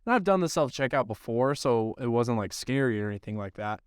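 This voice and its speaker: Profane, rambling podcast host. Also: male voice, mid-range voice, lively intonation, a little fast, clear, resonant tone, no room sound, clean studio sound. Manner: profane, rambling storyteller who acts out quotes. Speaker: podcast co-host, baseball coach. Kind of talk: casual chat.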